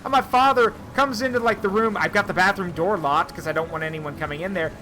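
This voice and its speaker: A man streaming a game, telling stories in an animated way with swearing and asides, in casual chat. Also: high-pitched, quick pace, slight background noise. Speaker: streamer and host.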